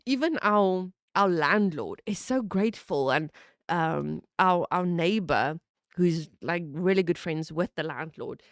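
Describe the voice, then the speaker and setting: A woman in her thirties streaming from home, telling a story in an animated way, laughing and swearing. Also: measured pace, no room sound, studio quality. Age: 30s. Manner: animated, laughing, swearing, lively pitch jumps. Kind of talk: casual storytelling chat.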